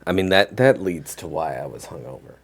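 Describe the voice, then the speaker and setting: A male podcast co-host chats in an easygoing way and pokes fun at himself. His pitch moves lively and freely as he talks. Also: brisk. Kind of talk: casual chat.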